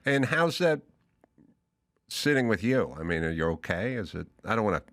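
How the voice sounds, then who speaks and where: A man hosting a podcast interview, asking gentle, probing questions and giving short replies while listening. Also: lowish voice, sing-song, normal speed, dry recording, clean studio sound. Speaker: host.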